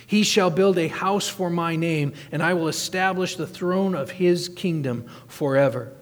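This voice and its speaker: A male pastor with a slightly higher voice gives a sermon, reading scripture passages before unpacking them. He stresses key words and repeats them for emphasis. The long reverb of a church hall trails behind his voice. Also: measured pace. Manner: reads scripture aloud, then explains it with emphatic repetition.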